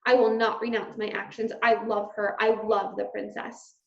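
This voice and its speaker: A woman's voice: medium pitch, flat delivery, vocal fry, close to an everyday voice. Lady doing a little boy mouse, earnest and hesitant, echoey room. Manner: earnest, halting, soft replies. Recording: roomy, slightly dull recording.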